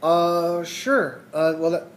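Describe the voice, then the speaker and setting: A distracted fella on the phone, put on by a man, hesitant and mumbling through filler words, a touch higher than average, over a faint hiss. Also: takes it slowly. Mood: vague. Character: distracted male telemarketer, vague.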